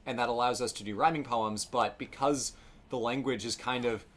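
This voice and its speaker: A man with a mid-pitched voice talks casually as he plays a game. He explains at length and often backs up to restart his sentences. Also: fairly even intonation, moderate pace, a bit bright. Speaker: co-host. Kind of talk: casual chat while playing a game.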